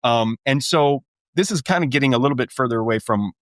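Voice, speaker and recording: A man's voice: medium pitch, fairly bright tone, dry recording. Man explaining science, dry sound. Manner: explains in a measured, lecturing way. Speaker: author and guest. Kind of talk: explanatory interview talk.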